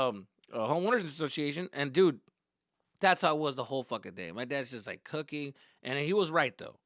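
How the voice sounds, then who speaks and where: Dude comedian telling stories, swears a lot, kinda high voice, dry sound. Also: male voice, brisk, no echo. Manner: animated, profane, casual. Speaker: comedian, podcast host. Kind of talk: comic storytelling.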